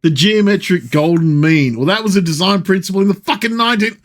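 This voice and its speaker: A man's voice: high-pitched, quick pace. A man streaming live, ranting and swearing with frequent laughter as he comments. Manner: profane, ranting, laughing often.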